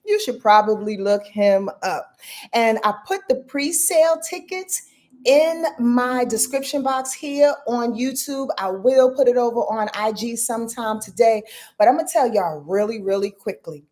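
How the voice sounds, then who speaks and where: A woman's voice: on the high side, normal speed, mellow. A woman, an astrologer chatting casually to her livestream viewers, with lots of fillers and direct address. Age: 50s. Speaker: astrologer and host.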